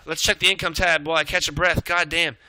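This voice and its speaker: A man shoutcasting a live strategy game match, excitable and swearing freely as he calls the action. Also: fairly high pitch, no room sound, rough recording. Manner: excitable, swearing, rapid reactions. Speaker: esports shoutcaster. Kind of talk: live play-by-play game commentary.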